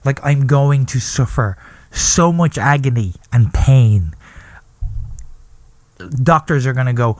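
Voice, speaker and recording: A man's voice: medium pitch, slow pace, long pauses, dry recording. A man, hosting a podcast and ranting in a profane, exaggerated comic monologue. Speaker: podcast host.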